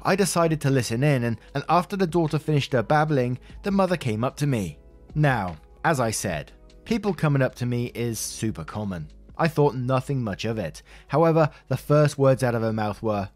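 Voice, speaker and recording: A man narrating a first-person story in a sardonic, animated way. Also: mid-range voice, normal speed, no echo, faint music behind.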